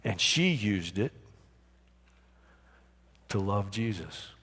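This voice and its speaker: Male pastor, slow emphatic sermon, church hall reverb. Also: fairly low pitch, sing-song, husky. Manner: emphatic preaching, swings from hushed to raised. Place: church sanctuary.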